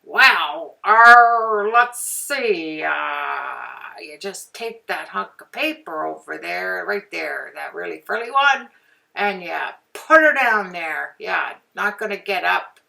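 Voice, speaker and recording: A woman putting on a loud, brash tutorial narrator. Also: lowish voice, animated, takes it slowly, creaky, distant mic, full character voice. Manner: shouty, bossy, drawling. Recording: voice from away from the mic.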